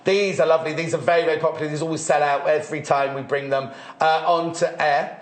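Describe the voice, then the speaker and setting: Male shopping-channel host, chatty sales patter, somewhat high voice, echoey studio sound. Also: steady tone, quick pace. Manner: chatty, lists prices, laughs easily. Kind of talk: live TV sales chat.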